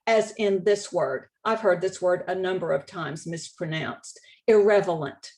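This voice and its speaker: A woman with a Texan accent giving a conference talk on spelling contests, walking through slides in a measured, instructive way. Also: mid-range voice, darkish tone. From Texas. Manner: measured, instructive, reads example quotes aloud. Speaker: state contest director.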